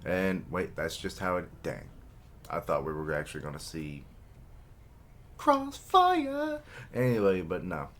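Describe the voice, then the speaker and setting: A man's voice: a bass voice, steady tone, moderate pace, a bit bright, a little hiss or hum. A man hosting a comic reaction, reading the chapter aloud and chatting about it in a casual, joking way that includes swearing. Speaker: manga reaction host.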